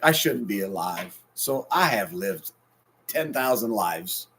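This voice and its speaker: A man in his forties preaching a heartfelt sermon, swinging between loud bursts and hushed, near-whispered lines. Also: lowish voice, lively intonation, slow pace, a little hiss or hum. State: sleepless and stressed. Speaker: pastor.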